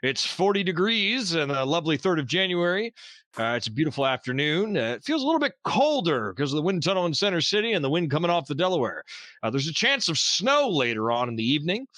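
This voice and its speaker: A man doing a bright, lively radio news announcer. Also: on the high side, fast talker, dry recording. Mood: upbeat.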